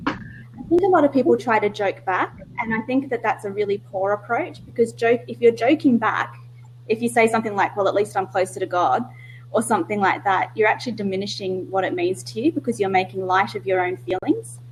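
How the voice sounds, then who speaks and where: A woman's voice: mid-range voice, brisk, a little hiss or hum, low-quality recording. A woman in a casual online discussion, speaking candidly, often losing her thread and laughing at herself. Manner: candid, self-interrupting, laughs easily. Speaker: discussion participant.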